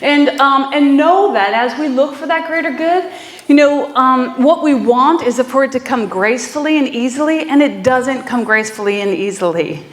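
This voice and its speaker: A woman with a high, bright voice preaches in an informal, chatty way, full of "you know" and quick laughs. Her words ring out in a roomy, echoing church hall. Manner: conversational, warm storytelling with fillers and laughs. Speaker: minister. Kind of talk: sermon. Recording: echoey room.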